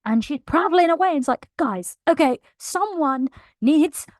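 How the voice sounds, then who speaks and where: A woman excitedly recapping a novel in a casual, emotional way, laughing often. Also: high-pitched, unhurried, no room sound, studio quality. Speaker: book channel host.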